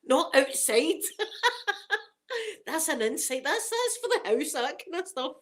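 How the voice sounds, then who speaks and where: A woman's voice: high voice, sing-song, slow, a bit bright. Chatty middle-aged Scottish woman. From Scotland. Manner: chatty, laughing often, talking to viewers by name. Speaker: ASMR livestream host. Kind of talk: casual live chat.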